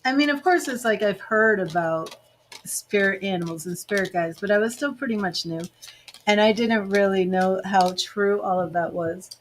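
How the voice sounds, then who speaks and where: At a normal speed and mid-range pitch, a tarot reader and psychic medium chats through live readings with many fillers, effusive and sometimes tearful. There's a little hiss or hum in the audio.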